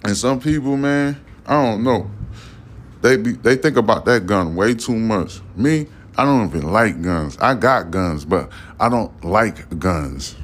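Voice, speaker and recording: Man, 40s, low voice, podcast host, casual storytelling, street slang, profane. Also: unhurried. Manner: animated, profane street slang, many asides and fillers.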